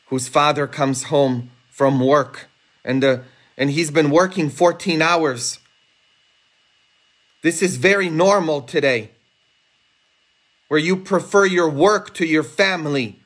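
A man preaching a homily, earnest and emphatic, rising high and intense for rhetorical questions. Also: a bit bright. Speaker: priest. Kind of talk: sermon. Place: church, livestreamed.

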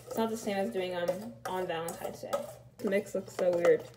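A woman's voice: lowish voice, steady tone, moderate pace, background noise. A young woman chatting casually to her camera in a rambling, upbeat vlog manner. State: slightly out of breath while walking. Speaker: vlogger. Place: outdoors in a park at sunset.

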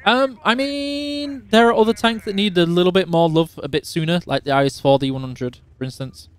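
A man's voice: sits high, brisk, clean tone, dry recording. A man from Yorkshire hosting a live game stream, chatting casually and teasing while reading out chat questions. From Yorkshire, England.

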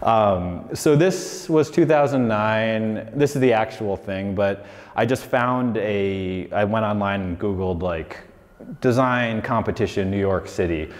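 A man's voice: on the low side, measured pace. A man in his forties telling his story in a casual, rambling lecture, with lots of "like" and "you know". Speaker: designer giving a lecture. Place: lecture hall. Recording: long hall reverb.

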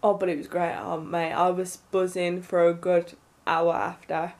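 A young woman vlogging, telling a story in an excited, rambling way with lots of fillers. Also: on the low side, moderate pace. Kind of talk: casual storytelling to camera.

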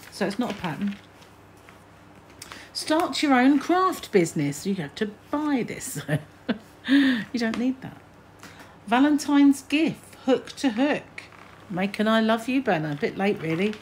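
An older woman with a British accent chats casually as she pages through a craft magazine. Her voice sits at a middle pitch, and she reads snippets aloud, then drifts into musing asides, with a faint hum of room ambience underneath. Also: darkish tone. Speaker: crochet channel host.

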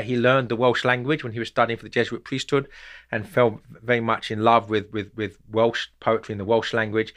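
A man at a middle pitch talks through poetic meter off the cuff, stopping and restarting as he finds his words. His delivery is unscripted and explanatory, the manner of a host thinking aloud. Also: a bit bright. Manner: halting, thinking aloud, with many repeated words.

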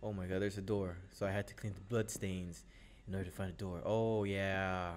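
A man's voice: low-pitched, flat delivery, moderate pace, slight background noise. A man giving jokey, exclaiming let's play commentary, chatting to his viewers as he plays. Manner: jokey, exclaiming, talks to viewers while playing. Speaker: gaming YouTuber. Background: loud game music.

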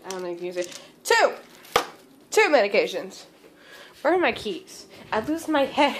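A woman's voice: high-pitched, big pitch swings, moderate pace, pauses often, background noise. A young woman filming a casual home video, chatting and coaxing her dog along. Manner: chatty, coaxing pet talk.

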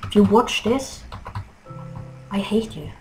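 A young woman commentating her own gameplay, frustrated and trash-talking, with excitable outbursts. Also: medium pitch, takes it slowly, soft background music, low-quality recording. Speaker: gaming commentator.

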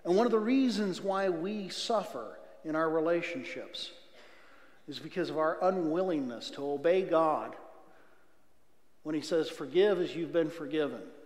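A middle-aged man giving a church testimony, earnest, swinging from loud outbursts to near whispers. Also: fairly high pitch, lively intonation, unhurried. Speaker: guest speaker giving testimony. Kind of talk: testimony sermon. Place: church sanctuary. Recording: echoey church hall reverb.

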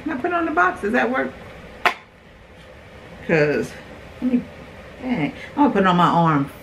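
Animated woman, chatty unboxing vlog. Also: a little high, vocal fry, a little hiss or hum, poor audio. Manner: animated, exclaiming, quick asides. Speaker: beauty vlogger.

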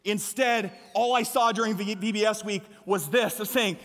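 A man with an American Midwestern accent preaching a lively sermon as a pastor, with emphatic bursts and shouts. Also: high-pitched, normal speed. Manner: energetic, emphatic preaching with sudden loud shouts. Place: large church sanctuary. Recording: long hall reverb from a church.

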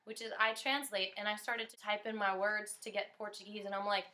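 A woman hosting a playful home music chat, excitable and quick to joke and put on voices. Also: medium pitch. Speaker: show host.

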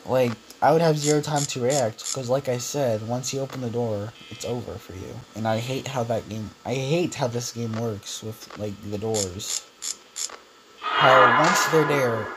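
Young male gamer, mid-pitched, excitable rambling commentary, faint hiss. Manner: rambling, filler-heavy, jumpy and excitable. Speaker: gaming YouTuber. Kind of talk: casual let's-play commentary.

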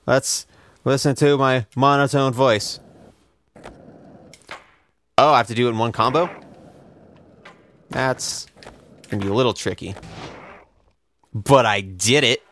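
A man's voice: medium pitch, measured pace, pauses often, a bit bright, slight background noise. A young man giving sarcastic, profane, self-mocking commentary while playing a video game. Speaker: let's play host. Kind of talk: casual gameplay commentary.

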